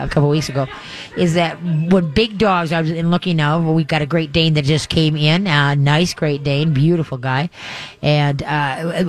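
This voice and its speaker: Folksy radio host man. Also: fairly high pitch. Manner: folksy, rambling, with playful voices for dogs and owners. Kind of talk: live call-in radio chat. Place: live broadcast at a pet store.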